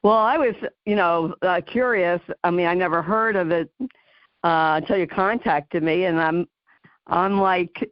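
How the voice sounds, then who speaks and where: A woman with a New Jersey accent hosting a talk radio interview, halting and full of ums and you knows. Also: lowish voice, dry recording, highs cut off. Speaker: host.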